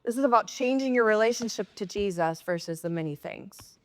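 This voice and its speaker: A woman's voice: a little fast, few pauses. A woman pastor preaching a sermon in a conversational way, acting out little dialogues. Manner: conversational, acts out dialogue with rising pitch. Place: church sanctuary.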